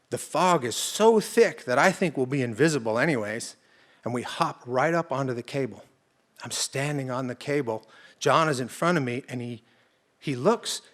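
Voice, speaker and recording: A man telling a true personal story on stage in a conversational, vivid present-tense way. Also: medium pitch. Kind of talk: live first-person storytelling.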